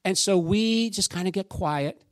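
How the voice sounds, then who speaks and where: Excitable preacher man with a dry sound. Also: high-pitched, measured pace, no room sound. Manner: storytelling, swings from hushed to shouting. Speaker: pastor. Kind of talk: sermon.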